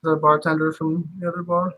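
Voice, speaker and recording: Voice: mid-range voice, little pitch movement, brisk, bright, forceful tone, poor audio. Laid-back game master with a chatty voice. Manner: laughing, loose, lots of fillers. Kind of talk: running a tabletop game, casual.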